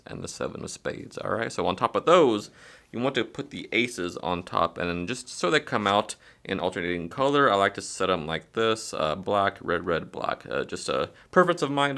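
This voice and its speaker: A man casually explaining a card trick in a relaxed, chatty way as a magic tutorial host. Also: deep voice, gravelly. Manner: relaxed and chatty, with fillers and small laughs.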